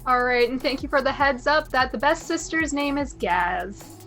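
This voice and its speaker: High, bright sarcastic female co-host. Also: expressive, moderate pace, faint music behind. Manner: sarcastic, blunt, playful. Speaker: co-host commentator. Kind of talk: live stream commentary.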